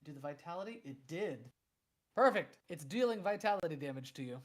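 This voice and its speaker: Game master, animated and playful, calling turns. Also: medium pitch, a little fast. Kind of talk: running a tabletop game.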